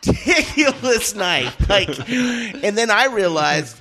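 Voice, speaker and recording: A man's voice: high voice, slow, a crowd in the background. A man hosting a casual podcast, telling a story with lots of laughter and swearing. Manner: animated, laughs often, swears freely.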